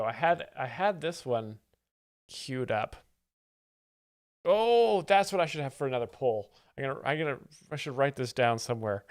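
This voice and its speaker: A man hosting a live comedy stream, making deadpan ironic asides over clips. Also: mid-range voice, no room sound, studio quality. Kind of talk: satirical live-stream commentary.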